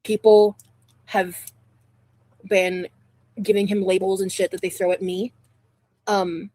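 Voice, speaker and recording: A woman's voice: medium pitch, level tone, slow pace, mellow, no room sound. Indignant woman defending herself. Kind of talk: casual livestream talk.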